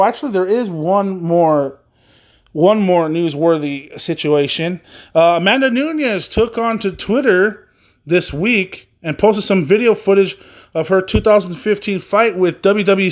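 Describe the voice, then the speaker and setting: A man with a fairly high voice hosts a solo wrestling podcast. He talks casually and loosely, circles back on his words, fills gaps with ums and uhs, and swears now and then. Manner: rambling, repetitive, with frequent fillers and casual swearing.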